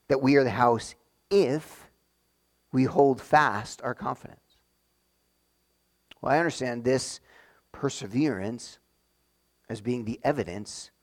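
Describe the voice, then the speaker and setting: A man giving a sermon in a conversational teaching way, explaining his point step by step to a congregation. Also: medium pitch. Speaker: pastor.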